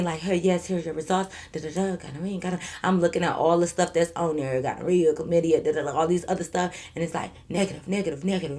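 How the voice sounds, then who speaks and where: A woman with a slightly low voice tells a story to her camera in a casual vlog. She is animated and blunt, swears freely and keeps turning to her audience. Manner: addresses viewers directly. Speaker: YouTube storyteller.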